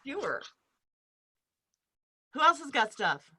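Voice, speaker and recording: Bright-voiced woman leading an online workshop. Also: high voice, sing-song, slow pace. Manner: explanatory, demonstrates speech patterns, laughs easily. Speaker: workshop leader. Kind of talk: teaching a live online workshop. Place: home room in front of a bed sheet. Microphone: video call.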